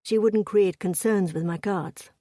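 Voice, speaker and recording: Audiobook gentleman, composed and dry-witted, read by a woman, warm and breathy. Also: medium pitch, unhurried, dry recording, lightly acted. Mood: wry. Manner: dry, calm deflections. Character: wry, composed gentleman husband.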